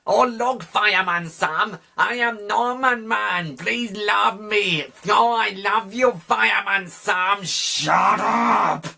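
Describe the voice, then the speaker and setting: Man doing a clingy eight-year-old boy, whiny and mocking, pitched up. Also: takes it slowly, gravelly, hardly any pauses, sharp tone, exaggerated voice. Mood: mocking whine. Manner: mocking exaggerated whine.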